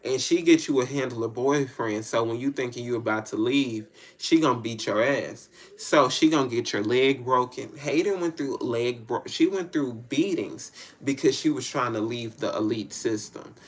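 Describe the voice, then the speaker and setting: A man with a Southern US accent speaks at an ordinary mid pitch in a loose, rambling monologue. His talk is blunt, slangy and full of curses, and he circles back to repeat himself. He sounds like a spiritual reader talking straight to his viewers. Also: moderate pace, few pauses.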